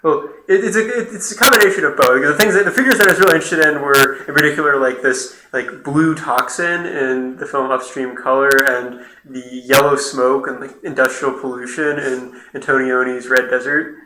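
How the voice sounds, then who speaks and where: Bright-voiced halting man, echoey room. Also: mid-range voice, steady tone. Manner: hesitant, halting restarts. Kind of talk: casual chat over gameplay. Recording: roomy echo, faint noise.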